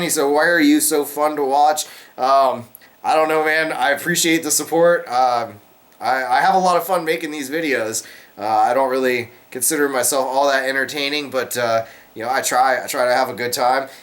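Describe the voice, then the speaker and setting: A man hosting a casual beer vlog, talking in a relaxed, rambling way with lots of fillers while he sips beer. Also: mid-range voice, normal speed. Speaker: beer review vlogger, channel host. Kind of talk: casual chat to camera.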